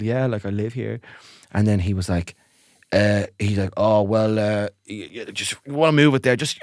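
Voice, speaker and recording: Fast-talking Irish man, lower voice. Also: dry recording, studio quality. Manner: animated, acts out both sides of a story. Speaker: podcast co-host. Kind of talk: comic storytelling chat.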